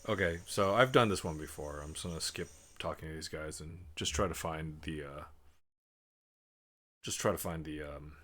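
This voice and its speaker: A man's voice: a bass voice, moderate pace, a bit bright. A man streaming a video game live, chatting and muttering self-deprecating asides and swearing at the game. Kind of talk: live gameplay commentary.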